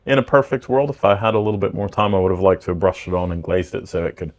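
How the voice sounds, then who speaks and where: A man with a low, deep voice, chatting on a podcast. He tells stories and explains things in a lively, easygoing way, like a relaxed host among friends. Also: fast talker. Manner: chatty, animated storyteller. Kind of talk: casual chat.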